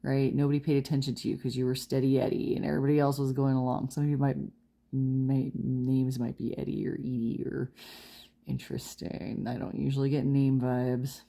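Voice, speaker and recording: Chatty woman with a low, gravelly voice. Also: level tone, brisk, dark tone. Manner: chatty, laughs often, talks straight to viewers. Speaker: tarot reader. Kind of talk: casual pick-a-card tarot reading.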